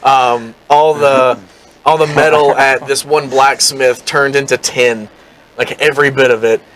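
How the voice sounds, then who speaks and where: A man's voice: mid-range voice, fairly even intonation, measured pace, fairly bright tone, low-quality recording. A man co-hosting a podcast, recounting a tabletop game he ran in a rambling way. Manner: rambling, with many fillers while recounting. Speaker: podcast co-host and game master. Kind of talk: casual chat, storytelling.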